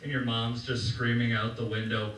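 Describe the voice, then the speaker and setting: A man's voice: mid-range voice, level tone, moderate pace, fairly bright tone, far from the mic, a little hiss or hum. A young man doing a stand-up set on a comedy club stage, joking loosely and chatting with the crowd. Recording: roomy live club sound from afar.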